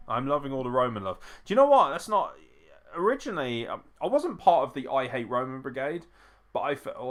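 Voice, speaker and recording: A man's voice: medium pitch, a bit bright. A man hosting a live watch-along, reacting casually and profanely, often chuckling as he comments. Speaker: wrestling show host.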